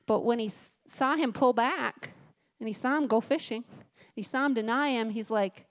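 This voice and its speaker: A woman speaking at a church service in a relaxed, conversational way. Her voice sits a bit on the high side, and she reads scripture aloud, then stops to add joking, chatty asides. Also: normal speed. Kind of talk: conversational sermon with scripture reading.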